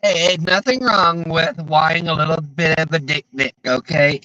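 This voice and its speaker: A man with a bright, forceful voice tells stories in a loose, profane and exasperated ramble, full of restarts. The sound is dry and close, with no room around it. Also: fairly high pitch, normal speed, no echo, muffled recording. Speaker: streamer. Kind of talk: casual storytelling chat.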